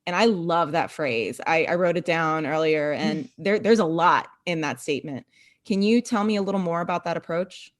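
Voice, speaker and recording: A woman's voice: fairly low pitch, normal speed. A woman hosting a casual podcast interview, encouraging her guest and laughing along. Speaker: podcast host.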